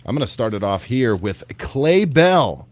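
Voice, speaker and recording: A man's voice: mid-range voice, very animated, unhurried, dry recording. A man hosting a morning radio show, upbeat and playful, who laughs easily with his co-hosts. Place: radio studio.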